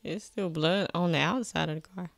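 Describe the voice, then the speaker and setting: A woman's voice: on the low side, moderate pace, gravelly. A woman hosting a casual movie reaction, commenting in a bemused way. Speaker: host.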